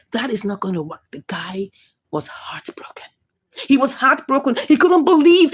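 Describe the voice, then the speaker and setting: Woman, high-voiced recap host, lively, chatty. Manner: animated, laughs often, drops to whispers. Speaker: movie recap reviewer. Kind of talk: casual recap commentary.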